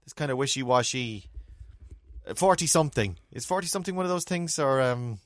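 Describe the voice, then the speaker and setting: A chatty, wry man in middle age, talking casually as a co-host. His pitch swings up and down a lot, and the sound is dry and close with no room echo. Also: lively intonation, brisk. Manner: chatty, wry, trails off with fillers. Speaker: podcast co-host. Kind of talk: casual chat.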